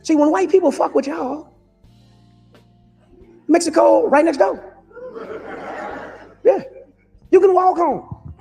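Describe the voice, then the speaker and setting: A man performing a stand-up comedy routine, riffing loudly and profanely with big swings in pitch. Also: slow pace, gravelly, pauses often, soft background music.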